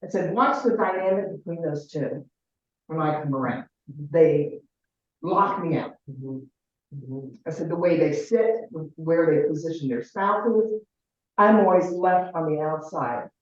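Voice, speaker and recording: A woman's voice: deep voice, a little mellow, highs cut off. Woman in her 60s, distant and very echoey. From Ohio, United States. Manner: rambling, halting, restarts mid-sentence. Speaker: caller sharing her story. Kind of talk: personal storytelling in a group call.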